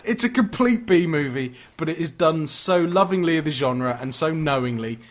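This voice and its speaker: A man's voice: a little high, moderate pace, a little hiss or hum. A man co-hosting a podcast, chatting casually about horror films with enthusiasm, laughing often and restarting his sentences as he rambles. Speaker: podcast co-host. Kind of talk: casual horror film chat.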